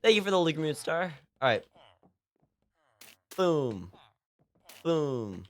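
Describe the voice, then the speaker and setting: A young Californian man chats casually while streaming a game, talking quickly in a voice on the high side. He rambles with lots of fillers and laughs often.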